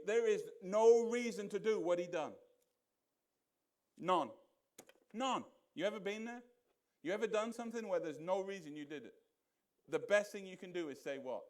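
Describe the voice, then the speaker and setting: A male pastor preaching a sermon in a church, talking conversationally and throwing rhetorical questions at the congregation. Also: darkish tone. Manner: acts out quoted voices in a low mutter. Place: church sanctuary.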